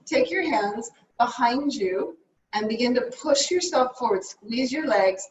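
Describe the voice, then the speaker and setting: Upbeat yoga teacher cueing from far off. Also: female voice, a little high, animated, slight background noise. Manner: upbeat, cueing briskly with jokes. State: a little out of breath. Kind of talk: live class instruction. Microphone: camera mic at a distance. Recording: echoey room, from far off.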